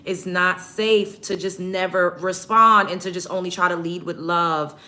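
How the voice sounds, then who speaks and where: A low-pitched woman speaking in a forceful, bright tone on a casual get-ready-with-me stream. She talks bluntly to her chat. She drives her points home by repeating them. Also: steady tone, unhurried. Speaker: show host.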